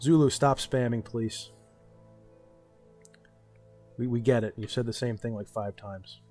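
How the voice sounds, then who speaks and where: A man's voice: mid-range voice, unhurried, dark tone, faint music behind. A young man streaming and talking with his chat in a blunt, profane, ranting way. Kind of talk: casual livestream chat.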